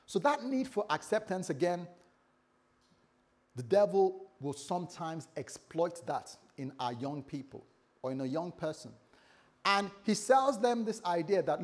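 High-voiced animated male preacher. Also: measured pace. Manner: animated, acts out characters in dialogue. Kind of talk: sermon.

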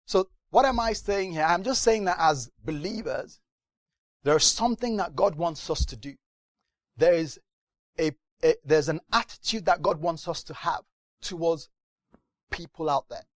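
A man's voice: on the high side, normal speed, no room sound. A man preaching a sermon, telling stories animatedly and acting out voices. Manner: animated storytelling with acted voices.

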